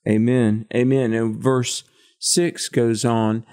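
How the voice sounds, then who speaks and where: A man's voice: medium pitch, measured pace, a little mellow. A man co-hosting a radio Bible study, thoughtfully explaining scripture wording.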